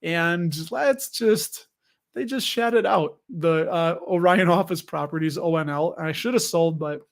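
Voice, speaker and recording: A man's voice: fairly high pitch, moderate pace. A man hosting a casual chat about dividend investing, rambling with joking, sarcastic asides as he reads viewer comments. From United States. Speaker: dividend investing channel host.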